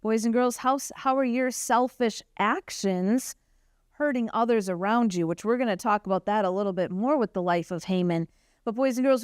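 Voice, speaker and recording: A woman teaching a children's Bible lesson at church, telling the story with animated expression and acting out the characters' lines. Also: medium pitch, clear, resonant tone, no echo, clean studio sound.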